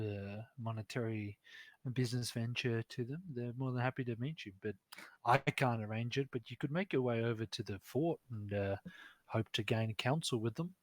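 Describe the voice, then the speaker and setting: A man's voice: medium pitch, dry recording. A man narrating as game master in an online tabletop game, speaking casually with hesitant fillers.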